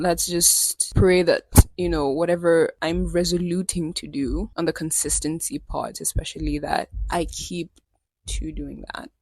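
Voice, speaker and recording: A young woman hosts her solo podcast with her voice a bit low and under the weather from being sick. She rambles candidly and pokes fun at herself in easy casual chat. The sound is dry and close to the mic. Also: darkish tone, dry recording. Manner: rambling, candid, self-deprecating. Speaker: podcast host.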